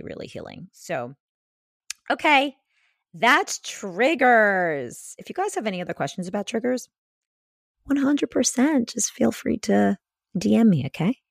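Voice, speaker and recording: A woman's voice: on the low side, vocal fry, no room sound, clean studio sound. A woman in her thirties hosting a casual solo podcast, telling a personal story in a chatty way, with many fillers and restarts. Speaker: podcast host.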